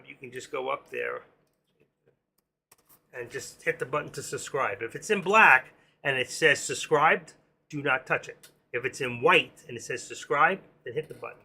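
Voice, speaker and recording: A man's voice: mid-range voice, gravelly, bright, forceful tone, breathy edge. A man hosting a casual live stream, rambling and joking as he talks to his viewers by name. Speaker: live stream host and room moderator.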